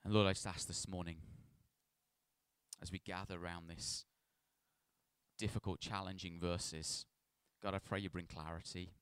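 A male pastor with a lower voice that sounds smooth and resonant, reading scripture and preaching. He talks in an easy, conversational way, telling stories at his own expense and tripping over words now and then. The sound is close and dry, with no room echo. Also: little pitch movement, moderate pace, long pauses, a bit bright. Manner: conversational, self-deprecating storytelling with stumbles.

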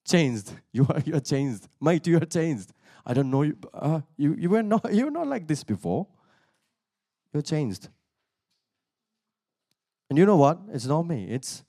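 In a sermon, a man with a slightly high, dark-toned, sing-song voice tells his personal testimony at a measured pace, pausing often. The telling is loose and conversational with frequent laughter between sentences, building up to emphatic calls to those listening.

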